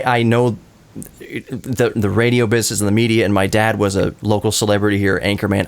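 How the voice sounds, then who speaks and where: Rambling male podcast host. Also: fairly low pitch. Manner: rambling, self-correcting, apologetic asides. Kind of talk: casual roundtable chat.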